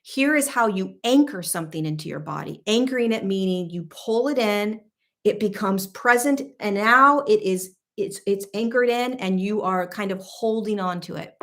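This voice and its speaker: A woman's voice: medium pitch, normal speed, a bit bright. A woman in her thirties, a spiritual teacher, talking casually and animatedly, acting out her own inner voice with frank, mild swearing. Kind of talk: casual talk to camera.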